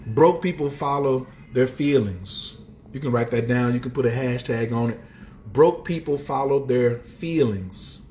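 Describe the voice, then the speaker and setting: A livestream host and motivational speaker talks casually in streetwise slang, greeting viewers in the chat. He keeps a measured pace but sounds animated, his pitch swinging up and down, with slight background noise.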